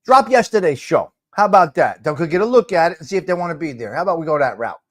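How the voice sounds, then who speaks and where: A man's voice: on the high side, sing-song, fast. A middle-aged man hosting a casual live chat, teasing viewers, repeating himself and dropping Italian phrases. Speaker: livestream host.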